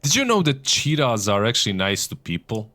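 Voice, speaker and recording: A man with a medium-pitched, sharp voice speaks a little fast with big swings in pitch. He's an esports co-caster bantering playfully with his partner on a stream, laughing often in casual chat.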